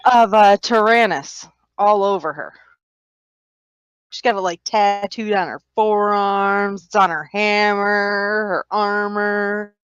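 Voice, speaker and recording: Female player, slow and brash, mid pitch; dull dry audio. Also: fairly even intonation, smooth, dry recording. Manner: playful and brash. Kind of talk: introducing her character at a tabletop game.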